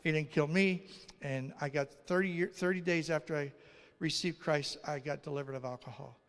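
A man's voice: on the high side, normal speed. A male pastor preaching and telling stories, acting out the people in them with raised voices. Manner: animated, acts out dialogue in raised voices. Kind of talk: sermon with storytelling. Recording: long reverb of a large hall.

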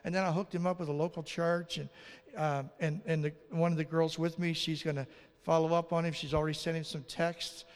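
A man's voice: fairly high pitch, brisk. A male pastor preaching and telling stories, acting out the people in them with raised voices. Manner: animated, acts out dialogue in raised voices. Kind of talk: sermon with storytelling. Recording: long reverb of a large hall.

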